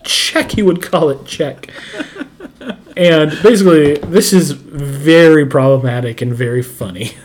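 A man co-hosting a casual chat, laughing often as he recaps scenes and quotes characters. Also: unhurried. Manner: giggly, quotes characters in lowered voices. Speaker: podcast co-host.

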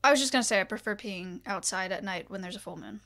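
A woman co-hosting a podcast in casual chat, teasing and quick to react, laughing often. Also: mid-range voice, expressive, vocal fry, fairly bright tone. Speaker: podcast co-host.

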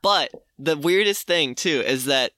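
A man with a bright, smooth voice tells a story in loose podcast chat. He recaps scenes eagerly, laughs at the jokes and swears now and then. The sound is dry and close. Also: on the high side, animated, measured pace, dry recording. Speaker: podcast co-host. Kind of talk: casual comedic recap chat.

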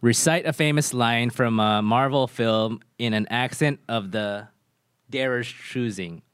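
A man's voice: mid-range voice, smooth, no echo, studio quality. A man in a casual group chat during a truth or dare game, joking and teasing. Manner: joking, teasing, drawn-out delivery.

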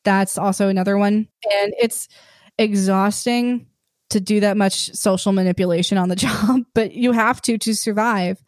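A woman's voice: mid-range voice, fairly even intonation, normal speed, no echo. Young woman guest, frank and a bit profane, dry recording, chatty. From Northern California. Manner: candid, swears freely, many fillers and restarts. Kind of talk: casual podcast chat.

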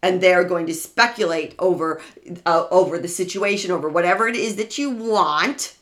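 A woman talking straight at her listener in an emphatic, explanatory way. She keeps throwing out rhetorical questions and answering them herself, with animated swings in emphasis. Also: lowish voice, moderate pace.

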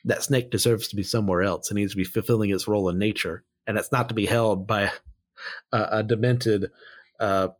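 A man's voice: fairly low pitch, steady tone, fairly quick. Blunt, opinionated man teaching the Bible. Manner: blunt, opinionated, wanders off on tangents. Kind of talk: casual Bible commentary.

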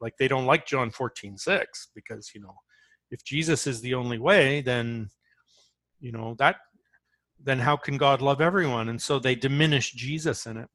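A man's voice: mid-range voice, normal speed, fairly bright tone, no echo. A man speaking as an author in an interview, talking earnestly and often restarting his phrases as he tells a story.

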